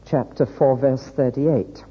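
A man preaching a sermon, reading scripture aloud in a measured, deliberate way. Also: medium pitch, steady tone, husky. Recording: echoey hall, dull lo-fi sound.

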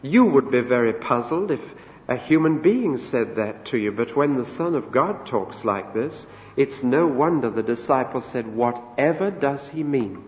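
Preaching a sermon in an earnest, storytelling way, a man with a medium-pitched voice and lively intonation talks at normal speed, raising his voice for quoted words. The recording has a dull, lo-fi sound in an echoey hall.

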